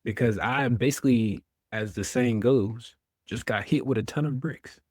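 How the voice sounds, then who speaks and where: A man's voice: mid-range voice, normal speed, darkish tone, no room sound, clean studio sound. A man, a veteran guest telling his story in an interview, acting out his own past words.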